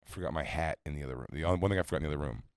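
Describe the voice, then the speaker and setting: A man in his forties telling a story on a comedy podcast, casual and animated, slipping into other people's voices. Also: very deep voice, no room sound, clean studio sound. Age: 40s. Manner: fast, animated, acts out other voices in quotes.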